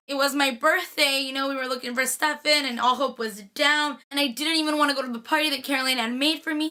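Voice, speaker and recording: A woman's voice: high voice, quick pace, bright, forceful tone. A young woman gushing in a casual, chatty recap of a TV episode, full of "like".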